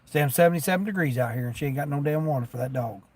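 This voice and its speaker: A man's voice: fairly high pitch, rapid-fire, a little mellow. A man streaming live while doing delivery driving, chatting in a rambling, folksy way and turning down orders aloud. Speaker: delivery driver livestreamer.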